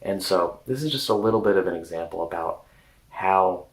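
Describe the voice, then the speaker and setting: A man with a very deep voice gives a gentle, casual coaching talk. He speaks hesitantly and often restarts or trails off into fillers. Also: normal speed, low-quality recording. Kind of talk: casual self-help talk.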